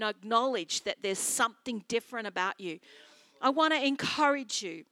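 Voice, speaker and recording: A woman's voice: on the high side, a bit bright, no echo. An Australian woman pastor preaching a sermon in an earnest, storytelling way, repeating her phrases for emphasis.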